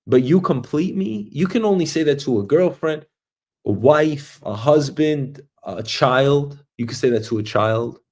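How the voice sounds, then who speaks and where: A man from Queens, hosting a show and telling a meandering comic story, swinging between loud bursts and quiet asides. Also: medium pitch, lively intonation, measured pace. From Queens, New York, US. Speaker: show host. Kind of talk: rambling comic monologue. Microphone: streaming mic.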